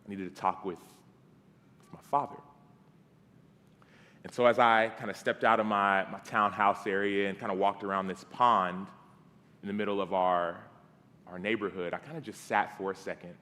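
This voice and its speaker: A man in his thirties preaching a conversational storytelling sermon. He acts out the dialogue and drops to soft tones. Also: fairly low pitch, steady tone, normal speed. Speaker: guest preacher. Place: church sanctuary. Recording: long hall reverb.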